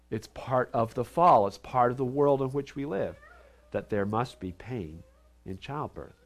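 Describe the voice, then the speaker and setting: A male pastor preaching a sermon, reading scripture aloud and then explaining it, with emphatic rises and soft asides. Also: medium pitch, a little slow. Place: church.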